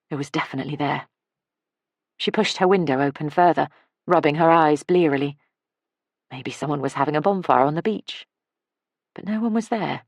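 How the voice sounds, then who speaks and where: A woman reading an audiobook in a calm, measured storytelling manner. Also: low voice, dry recording, studio quality. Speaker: audiobook narrator. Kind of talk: scripted narration.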